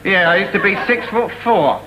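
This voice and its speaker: A man's voice: high-pitched, normal speed, muffled recording, noisy background, close to an everyday voice. An actor playing a resentful, defiant son in his twenties with a working-class English accent, in a 1960s TV sketch. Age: 20s. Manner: sullen, cheeky, defiant. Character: resentful 25-year-old son, rebellious, sullen.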